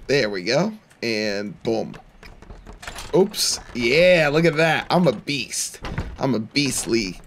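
A man's voice: mid-range voice, gravelly, a bit bright, slight background noise. A young man giving playful let's-play commentary, laughing often and mock-taunting the characters in the game. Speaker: gaming channel host.

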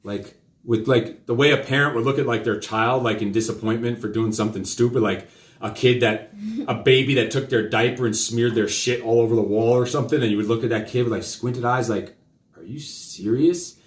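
A man's voice: medium pitch, steady tone, brisk. A man hosting a live show, telling a story to his children in a rambling, profane, casual way. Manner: rambling, profane, with many fillers. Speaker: host and father. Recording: roomy echo.

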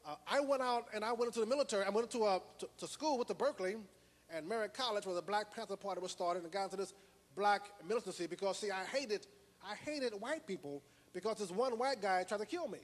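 A man's voice: high-pitched, fast, in a large hall. A man giving a motivational lecture to an audience, telling a personal story with dramatic repetition. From United States. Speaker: motivational speaker.

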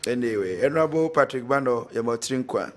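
A man's voice: mid-range voice, lively intonation, brisk. Chatty Ghanaian man hosting a radio show. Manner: chatty, laughs often, switches languages. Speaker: radio talk show host. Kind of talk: casual radio talk, reading listener messages.

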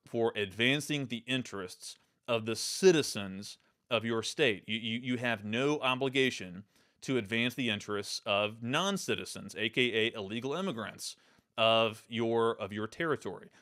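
Guy hosting a podcast monologue, emphatic, keeps restarting sentences, average pitch. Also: a bit bright. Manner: emphatic, many restarts and repeated words. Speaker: podcast host. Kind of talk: political commentary monologue.

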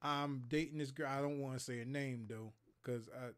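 His voice is clear and resonant, medium in pitch, at a moderate pace. He's a Maryland man in his thirties co-hosting a gaming talk show, animatedly telling profane stories on a casual livestream and acting out others' lines.

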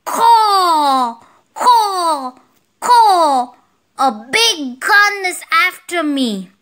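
A woman voicing a big loud bossy male crow in a children's story, cawing and shouting. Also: very high voice, animated, drawn-out words, pitched above the performer's own voice, heavily acted. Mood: panicked.

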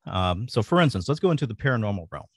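Middle-aged man, mostly neutral American accent, faint Louisiana trace, fast talker, lively pitch, dry sound. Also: breathy edge, dry recording. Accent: mostly neutral American, slight Louisiana. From rural Louisiana, USA. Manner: fast-talking, thoughtful. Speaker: podcast guest. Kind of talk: casual interview.

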